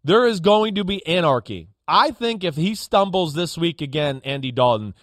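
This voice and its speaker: A man's voice: on the high side, lively intonation, moderate pace, no echo. A man working as a football analyst on a studio sports talk show, talking emphatically and acting out players' reactions.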